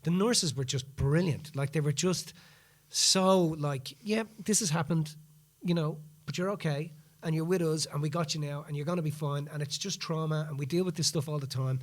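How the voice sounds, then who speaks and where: A man with a voice a touch higher than usual tells a story in relaxed podcast chat. He slips into the voices of the people he quotes, keeping the telling lively and animated. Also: moderate pace. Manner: animated, acts out quoted speech in the retelling. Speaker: podcast host.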